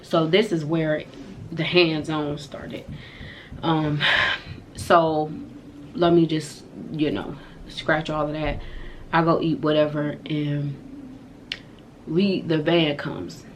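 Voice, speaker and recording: Woman, low voice, casual slang, animated storytelling, swears freely. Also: takes it slowly, pauses often, a little hiss or hum. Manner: animated, profane retelling of a fight. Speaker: vlogger. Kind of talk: storytime vlog.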